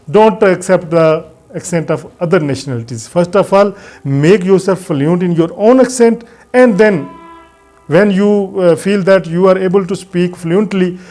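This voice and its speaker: A man teaching a spoken English lesson in a non-native English accent, pausing often with "uh" and giving earnest advice. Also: sits high, darkish tone. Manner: hesitant, frequent "uh" fillers, earnest advice.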